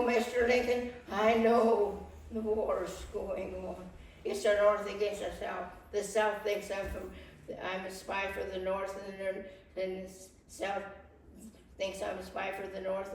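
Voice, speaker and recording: A woman in her nineties playing a fretful Civil War-era first lady in a first-person monologue, halting and often restarting her words. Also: mid-range voice, monotone, lightly acted. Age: 90s. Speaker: historical portrayer. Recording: echoey room from far off, faint noise.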